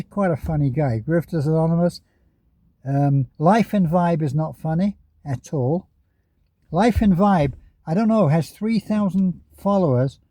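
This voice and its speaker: Mellow, rambling male vlogger. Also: on the high side. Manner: chatty, chuckles often, trails off. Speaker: vlogger commenting on other YouTubers. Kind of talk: casual rambling commentary. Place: parked car.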